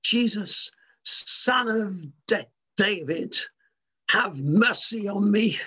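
A man's voice: sits high, expressive, slightly rough, voice pushed up, exaggerated voice. A man doing a blind beggar crying out. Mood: pleading shout. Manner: shouting, drawn-out pleading.

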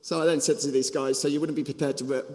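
A man with a Birmingham accent and a fairly high voice preaches a storytelling sermon. He tells the story in a lively way, with restarts and asides along the way. His voice rings out with the long reverb of a large hall. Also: fast talker. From Birmingham, England. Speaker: preacher and children's ministry author.

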